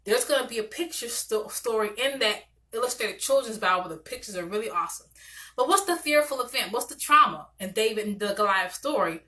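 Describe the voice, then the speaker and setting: A woman therapist talks parents through her methods in a loose, conversational teaching style. Her voice has a bright, forward tone, and she stays animated, often breaking off and restarting her sentences. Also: fairly high pitch, brisk. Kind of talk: casual teaching talk to parents.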